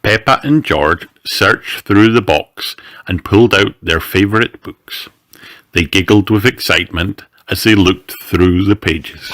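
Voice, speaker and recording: A man's voice: low voice, unhurried. A man reading a children's picture book aloud, voicing every character himself. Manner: expressive, does all the character voices. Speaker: audiobook narrator. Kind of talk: children's storybook read aloud.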